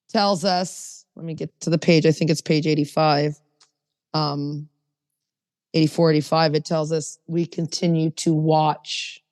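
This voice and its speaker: A woman's voice: low-pitched, dry recording, long reverb tail. A woman co-hosting a recovery podcast, telling stories in casual chat and acting out what others said. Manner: animated storytelling with acted quotes. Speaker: podcast co-host.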